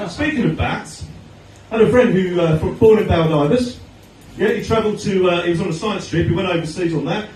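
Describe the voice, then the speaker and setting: A middle-aged Australian man doing a stand-up comedy set, telling chatty stories with deadpan punchlines. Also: sits high, normal speed. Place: comedy venue stage with audience laughter. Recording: echoey room from far off, noisy.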